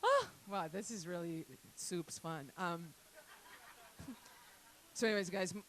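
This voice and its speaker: A woman's voice: lowish voice, slow, a little hiss or hum, rough recording. A woman doing a crude, rambling stand-up set with lots of asides to the crowd. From Italian-Canadian family. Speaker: stand-up comedian. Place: comedy night venue.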